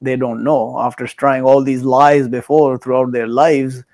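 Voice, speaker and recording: Gravel-voiced man, scripture reader who paraphrases loosely, dry close sound. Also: medium pitch, level tone, a little slow, darkish tone, dry recording. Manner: reads literal verse, then paraphrases casually with frequent chuckles. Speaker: scripture commentator. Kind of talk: reading and explaining scripture.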